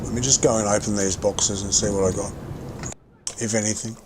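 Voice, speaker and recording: A man's voice: lowish voice, fairly even intonation, a little fast, background noise. A middle-aged man streaming a game, rambling casually about his gear and occasionally swearing. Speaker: gaming livestreamer. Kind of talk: casual gameplay commentary.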